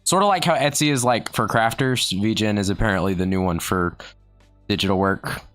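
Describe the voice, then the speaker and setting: A man's voice: fairly low pitch, moderate pace, fairly bright tone, dry recording, soft background music. A man streaming while finishing an art piece, chatting casually in a playful, jokey way and stretching words for emphasis. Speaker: streamer and digital artist.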